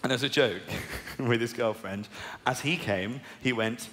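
A man in his twenties with a posh southern English accent, doing a self-mocking stand-up routine with sudden high squeaky outbursts. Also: measured pace, fairly bright tone. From England. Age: 20s. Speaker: stand-up comedian. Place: large arena on stage. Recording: live arena recording with long reverb and crowd noise.

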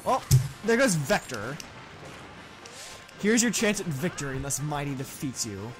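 A woman giving casual, excitable commentary while playing a video game with a friend, shouting at the screen. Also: sits low, a little slow, faint music behind. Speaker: let's play co-host.

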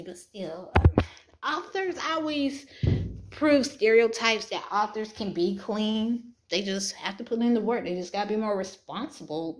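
A young woman, casually chatting with her viewers in a home vlog, full of fillers and restarts. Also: medium pitch. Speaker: Christian romance author vlogging. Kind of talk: casual chat. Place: bedroom at home.

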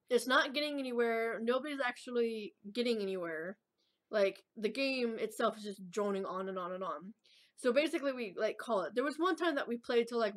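Rambling woman talking through a game. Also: fairly high pitch. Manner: rambling, filler-heavy, talks choices through. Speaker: gaming channel host. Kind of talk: casual thinking-aloud gameplay commentary.

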